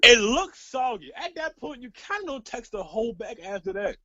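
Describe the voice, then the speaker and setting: A young man telling a story to the camera, casual and profane, sounding exasperated and animated. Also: very high voice, a little fast, no room sound. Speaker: vlogger. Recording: slightly dull, dry lo-fi sound.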